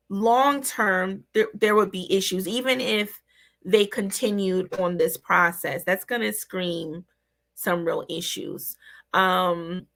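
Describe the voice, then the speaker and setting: A woman panelist on a podcast, discussing a reality show in a lively, gossipy, playful way. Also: a little high, creaky.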